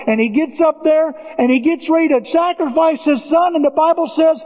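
An older man preaching a sermon as pastor, impassioned, with folksy asides and sudden shouts. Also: extremely high pitch, normal speed, hardly any pauses. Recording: dull distant sound with hall reverb.

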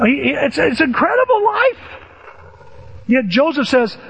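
Animated Southern Illinois preacher in a hall. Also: male voice, very high voice, a little slow, vocal fry, pauses often, dull audio. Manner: animated, acts out Joseph's lines in a raised voice. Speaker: pastor. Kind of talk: sermon. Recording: poor-quality recording in a big reverberant hall.

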